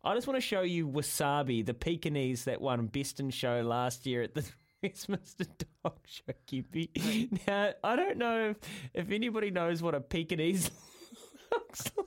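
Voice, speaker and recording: A man's voice: on the high side, lively intonation, normal speed. A man with a New Zealand accent hosting breakfast radio and making wry jokes in casual chat. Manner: chatty, jokey, playfully sarcastic. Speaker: radio host.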